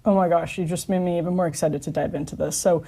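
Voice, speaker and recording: Chatty woman host, low voice. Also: fairly even intonation, fast talker, dark tone, breathy edge. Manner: chatty, laughs often, restarts. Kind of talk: casual chat.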